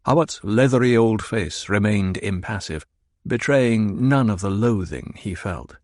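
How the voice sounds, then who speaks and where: A man narrating an audiobook in a low, measured storytelling manner. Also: lively intonation, a little mellow, no room sound, studio quality.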